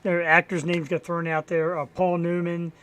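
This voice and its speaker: A man's voice: a little high, level tone, normal speed, fairly bright tone. A male podcast host who jokes around and laughs often while interviewing a guest.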